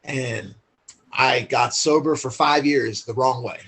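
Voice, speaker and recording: A man's voice: mid-range voice, slow, a bit bright, slight background noise. A man as a podcast guest, telling his story in a candid, blunt, profane way, full of "like" fillers.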